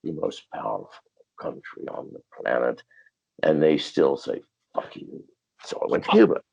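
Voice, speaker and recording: Older man, extremely low gravelly voice, husky, swearing and defiant, dull lo-fi call audio. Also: animated, moderate pace, darkish tone. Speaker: interview guest. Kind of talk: profane storytelling interview. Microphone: video call.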